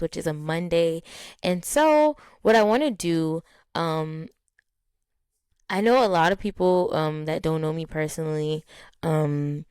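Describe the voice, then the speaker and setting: A woman in her thirties hosting a podcast, talking casually and encouragingly with many pauses and ums. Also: sits low, a little mellow, clear, resonant tone, dry recording, clean studio sound. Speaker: podcast host.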